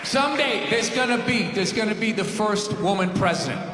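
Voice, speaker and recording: A man's voice: sits high, brisk, very noisy. Ranting profane comedian in his forties. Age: 40s. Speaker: stand-up comedian. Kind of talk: stand-up comedy. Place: live comedy venue on stage. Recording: echoey hall with loud crowd. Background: audience laughter.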